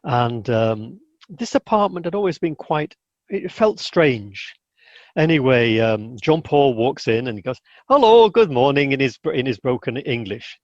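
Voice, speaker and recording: A man's voice: mid-range voice, unhurried, no room sound. A man being interviewed as a guest, telling stories casually, acting out the people he quotes and often restarting his sentences. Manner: animated, acts out quotes, many restarts. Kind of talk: casual storytelling. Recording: dull lo-fi dry recording.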